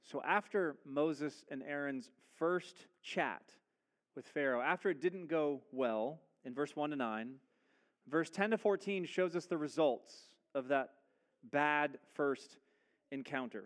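A man's voice: fairly high pitch, expressive, takes it slowly. A man preaching a sermon, speaking emphatically and asking rhetorical questions as he builds his points.

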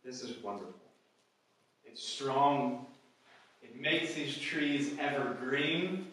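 A male pastor preaching a sermon with emphasis, often swelling louder on key phrases. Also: mid-range voice, slow pace. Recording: echoey hall, voice from far off.

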